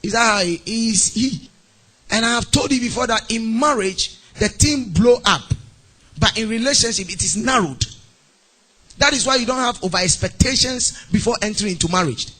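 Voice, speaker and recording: A Ghanaian man preaching a sermon as pastor, animated and sing-song, acting out little scenes. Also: very high voice, a little fast. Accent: Ghanaian English. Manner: animated, acts out mock phone calls and scenes.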